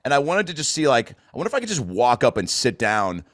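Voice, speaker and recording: A man's voice: mid-range voice, very animated, quick pace, a bit bright, no room sound, clean studio sound. An American man hosting a podcast, chatting casually in a rambling, loose way with plenty of swearing. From United States. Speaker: podcast host. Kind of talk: casual chat.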